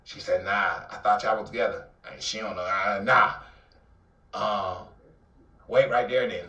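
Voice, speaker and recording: Animated Atlanta man telling a story. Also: lowish voice, unhurried, muffled recording. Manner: animated, acts out voices, swings from loud to whispered. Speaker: guest telling his life story. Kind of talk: casual storytelling interview. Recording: roomy, somewhat distant mic.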